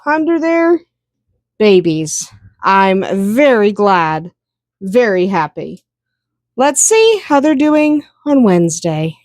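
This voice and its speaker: A woman's voice: medium pitch, big pitch swings, slow pace, no echo. A woman chatting through a casual farm vlog, outdoors on a windy farm, often laughing and talking to her animals. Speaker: homestead vlogger.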